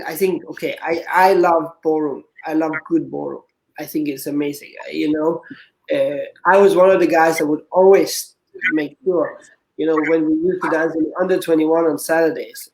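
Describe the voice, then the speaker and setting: Danish-accented male dance coach, fairly high voice, snappy then thoughtful in interview. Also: rough recording. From Denmark. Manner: short snappy answers, reflective when he opens up. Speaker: dance coach and judge, guest. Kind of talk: casual interview.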